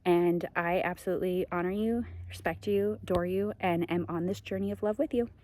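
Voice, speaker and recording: A woman's voice: on the low side, fairly even intonation, brisk, a little mellow. A woman hosting her own show, talking passionately in a spiritual monologue, venting with laughs now and then. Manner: passionate, ranting, frequent laughs. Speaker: podcast host.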